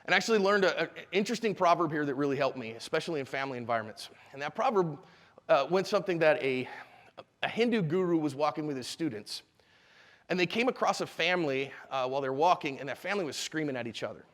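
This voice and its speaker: Guy in his 40s teaching a class, high voice, lively, keeps asking the room stuff. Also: fast talker, long reverb tail. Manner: animated, asks the audience questions. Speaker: self-defense instructor. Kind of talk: live class lecture.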